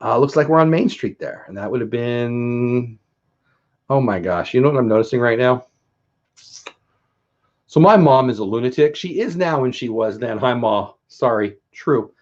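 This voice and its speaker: A man's voice: medium pitch, animated, moderate pace, highs cut off. A man in his fifties, a grandfather, chatting casually and joking at his own expense while looking through old family photos. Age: 50s. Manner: joking, self-mocking. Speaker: vlogger. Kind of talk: casual chat.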